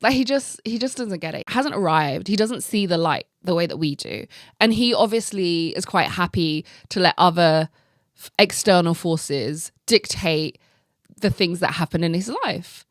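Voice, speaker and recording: A woman hosting a podcast, telling a story in a casual, animated way, full of "like" and acted-out reactions, with some casual swearing. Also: on the low side, normal speed, dry recording, clean studio sound. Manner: animated, heavy use of "like", acts out her own reactions. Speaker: podcast host.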